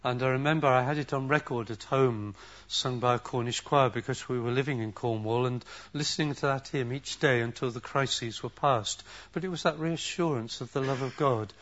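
Gentle older man preaching, lo-fi. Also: medium pitch. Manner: gentle, measured, repeats phrases for emphasis. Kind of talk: sermon. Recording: dull lo-fi recording.

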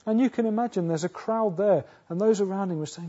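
A man preaching a sermon earnestly, asking rhetorical questions, restarting phrases, rising to loud emphatic peaks and sinking low again. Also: normal speed, hardly any pauses, slightly rough. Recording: dull lo-fi sound.

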